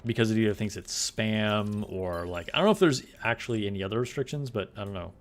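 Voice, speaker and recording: A young man chatting casually with his live-stream chat while playing a game, relaxed and quick to laugh. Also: fairly low pitch, soft background music. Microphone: desk microphone.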